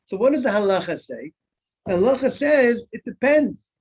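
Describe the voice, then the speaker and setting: A high-pitched male rabbi leads a casual Talmud lesson. He repeats himself and poses questions to the class, then answers them. The recording sounds dull and lo-fi. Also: sing-song, normal speed, darkish tone, breathy edge.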